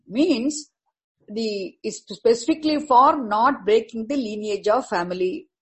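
A woman's voice: fairly high pitch, rough recording. A woman teaching a scripture commentary, explaining each term carefully and repeating words for emphasis. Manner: deliberate, repeats terms and explains each word.

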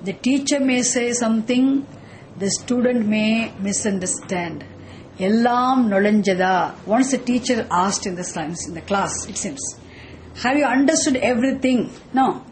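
A woman, teaching a scripture class in a slow explanatory way, posing one rhetorical question after another. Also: mid-range voice, slight background noise, poor audio. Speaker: Vedanta teacher.

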